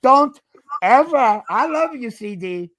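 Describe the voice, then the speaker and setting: A man's voice: very high voice, expressive, slow, a crowd in the background. A man in his fifties, a podcast host, ranting in a casual chat, swearing and tagging his points with "okay?".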